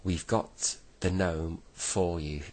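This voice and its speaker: A man's voice: sits low, fairly even intonation, slow pace, darkish tone. A man reading a bedtime story, voicing a brave young boy who calls out eagerly and urgently.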